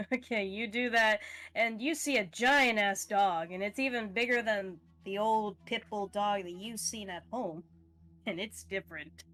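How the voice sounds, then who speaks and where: A woman's voice: mid-range voice, unhurried, a bit bright. A woman narrating as game master of a tabletop game, meandering with frequent fillers and easy laughter.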